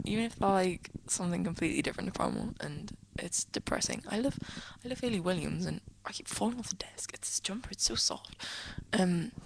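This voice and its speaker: A teenage girl from England chats to the camera from her desk at home, rambling and giggling, often slipping into soft whispery asides. Her voice sits a little low and has a gravelly, creaky edge. A faint hiss runs under the recording. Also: rough recording. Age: teens. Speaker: vlogger answering a friend's questions. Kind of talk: casual chatty vlog. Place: indoors, at home, sitting on a desk.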